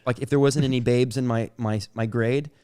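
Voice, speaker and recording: A man's voice: medium pitch, steady tone, brisk, mellow, smooth. A young man co-hosting a podcast, telling childhood stories in casual chat, rambling with lots of "like" fillers and laughing as he talks. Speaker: podcast co-host.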